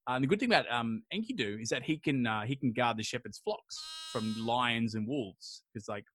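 A podcast host, a man, retelling an old epic in a rambling, crude, jokey way, slipping into quick voices for the characters. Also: mid-range voice, lively intonation, a bit bright, no echo. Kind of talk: casual storytelling chat.

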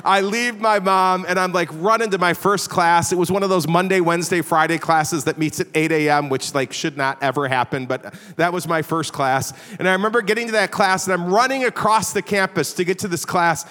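A middle-aged man from the Chicago area preaches a storytelling sermon, his voice high and steady with a sharp edge, moving briskly with hardly any pauses. He talks in a conversational, self-deprecating way and often tacks on "all right?" The recording carries the long reverb of a big hall.

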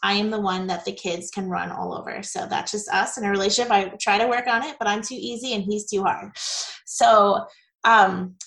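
A woman's voice: mid-range voice, fairly even intonation, moderate pace, fairly bright tone, echoey room, low-quality recording. A woman in her forties, a guest telling her story in a candid, chatty interview. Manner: candid and chatty, with frequent fillers and laughs. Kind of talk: casual interview.

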